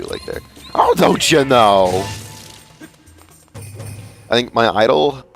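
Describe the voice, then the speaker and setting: Low-voiced young man rambling over gameplay. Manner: rambling, stammering restarts. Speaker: let's play gamer. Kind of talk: casual commentary.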